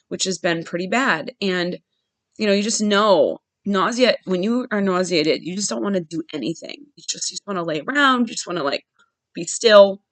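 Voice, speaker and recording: A woman's voice: medium pitch, fairly bright tone, dry recording, low-quality recording. A woman hosting a podcast, sharing a personal story in an earnest, heartfelt way with frequent restarts. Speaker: podcast host.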